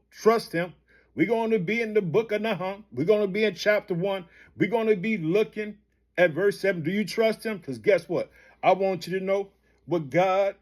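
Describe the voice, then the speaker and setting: A man hosting a podcast, giving a fervent, informal late-night sermon that calls out to the listener. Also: high-pitched. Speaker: podcast host and preacher.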